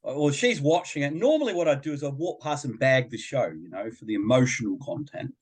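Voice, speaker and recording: A middle-aged man talking on a podcast. His pitch swings up and down a lot as he tells the story, and he slips into other people's voices. He sounds casual, chatty and animated. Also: brisk, slightly rough. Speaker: guest, behaviour coach.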